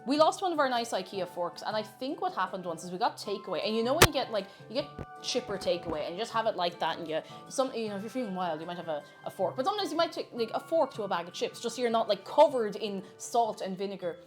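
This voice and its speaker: A woman's voice: medium pitch, very animated, fast, music in the background. An Irish woman live-streaming from her kitchen while baking, chatting casually, reading viewers' messages aloud and laughing often.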